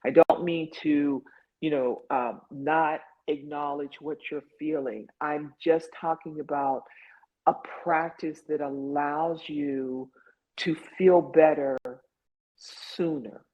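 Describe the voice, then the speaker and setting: Over dull, lo-fi video call audio, a low-voiced woman leads a guided online group session, speaking slowly in a steady tone. She's earnest and conversational, often saying "like" and "you know."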